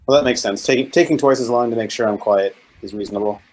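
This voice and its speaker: A man's voice: mid-range voice, fast, darkish tone, rough recording. A man in a tabletop game who makes brief, agreeable remarks. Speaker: player. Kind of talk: casual tabletop game talk. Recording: faint background noise.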